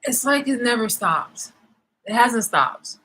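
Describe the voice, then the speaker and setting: Husky-voiced woman ranting angrily. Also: on the high side, animated, slow pace, pushed and bright, low-quality recording. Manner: profane, angry, sarcastic, with bursts of laughter. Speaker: vlogger. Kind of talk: heated vlog rant.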